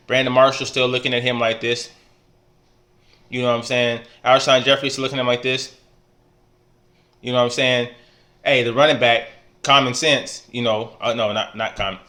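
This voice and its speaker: Loose and easygoing, this mid-range-voiced man ribs his fantasy football league buddies in a casual trash-talk vlog. His bright, forward voice keeps the teasing playful, and almost every phrase closes with "man."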